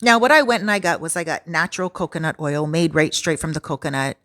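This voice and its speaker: A woman's voice: low voice, quick pace, fairly bright tone, no echo, clean studio sound. A woman who works as a relocation consultant, telling a casual, chatty storytime in a laid-back way.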